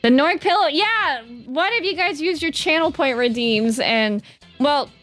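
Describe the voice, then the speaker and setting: A woman's voice: high-pitched, expressive, unhurried, fairly bright tone. A young woman with a Southern American accent, chatting casually with her live-stream chat in a bubbly, dramatic way. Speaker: VTuber streamer reading chat.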